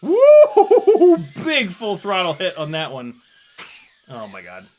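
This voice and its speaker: A young man giving casual running commentary while flying a drone, excitable, often exclaiming and laughing, swearing casually. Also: fairly high pitch, a little slow, slight background noise. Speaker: FPV drone pilot and video host.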